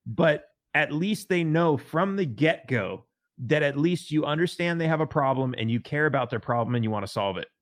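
A man's voice: fairly high pitch, moderate pace. A male guest in a casual political discussion, talking animatedly, repeating words and acting out other people's lines. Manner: animated, repeats words, acts out quoted voices.

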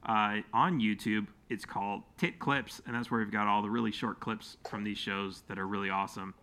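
A man's voice: fairly low pitch, steady tone, sharp tone. A man hosting a podcast, talking casually with many ums and restarts. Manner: halting, many fillers and restarts. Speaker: podcast host.

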